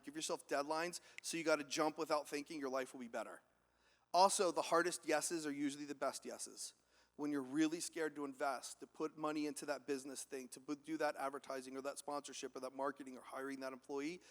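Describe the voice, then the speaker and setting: A man delivers a high-energy motivational keynote from a stage. He acts out other people's voices and throws questions at the crowd. His voice is high and bright, and the hall adds a long echo behind it. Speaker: keynote speaker. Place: large event hall with audience. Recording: echoey hall.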